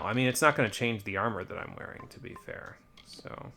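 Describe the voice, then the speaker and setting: A man's voice: on the low side, brisk, sharp tone. A man giving casual, rambling commentary while playing a video game, with wry muttered asides. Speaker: let's play streamer.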